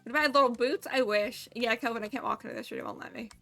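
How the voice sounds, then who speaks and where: A woman's voice: on the high side, quick pace, vocal fry, fairly bright tone, soft background music. A woman streaming a cozy game, chatting in a playful, silly, giggly way. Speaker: gaming streamer. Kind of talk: casual live-stream chat.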